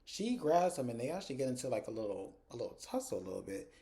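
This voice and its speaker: Man, mellow voice, blunt and chatty, casual episode recap. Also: mid-range voice, big pitch swings, fast talker, vocal fry. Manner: chatty, blunt, addresses viewers as y'all. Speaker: TV episode reviewer.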